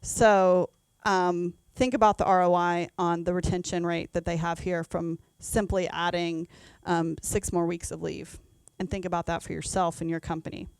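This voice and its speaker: A woman's voice: fairly low pitch, level tone, moderate pace, hardly any pauses, smooth, no echo. A woman in her thirties, an HR leader presenting a conference talk with frequent ums and self-corrections. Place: event venue.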